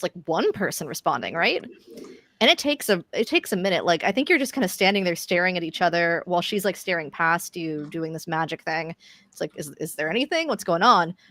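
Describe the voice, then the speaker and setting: A woman's voice: fairly low pitch, fairly bright tone, no echo. A young woman narrating as game master of a tabletop game, loose and chatty with fillers. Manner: laughs often, thinks aloud with fillers.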